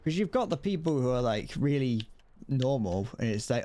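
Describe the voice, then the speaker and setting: A man's voice: mid-range voice, sing-song, moderate pace, warm tone. A young man giving casual, rambling commentary while playing a game, self-deprecating and chatty. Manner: rambling, self-deprecating, frequent laughs and restarts. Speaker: streamer.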